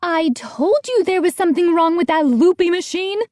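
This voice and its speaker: A grumbling older housekeeper with a sharp, scolding tone, put on by a woman reading an audiobook. Her voice sits high and thin. She sounds certain she was right all along. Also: expressive, moderate pace, dry recording, clean studio sound. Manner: scolding, told-you-so.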